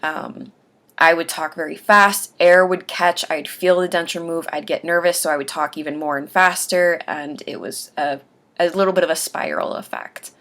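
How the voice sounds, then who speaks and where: A woman talking earnestly about getting used to dentures, pausing between phrases as she gives advice. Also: on the low side, fairly even intonation, a bit bright. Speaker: host sharing denture aftercare advice. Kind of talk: casual instructional talk.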